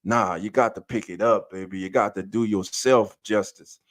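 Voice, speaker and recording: A man hosting a live sports podcast stream, casually greeting viewers by name in a loose, energetic way. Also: lowish voice, moderate pace. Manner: loose, energetic, calls listeners family and baby. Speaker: podcast host.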